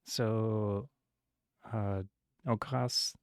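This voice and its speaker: Hesitant lowish male tabletop player. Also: fairly even intonation, extremely slow, darkish tone, no room sound, studio quality. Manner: hesitant, many fillers, talks in character. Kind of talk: casual tabletop game chat.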